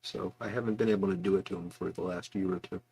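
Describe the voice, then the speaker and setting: A man's voice: low-pitched, steady tone, fast talker, vocal fry, darkish tone, breathy edge. A man hosting a casual livestream, chatting loosely and reading out viewer comments with asides. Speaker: livestream host.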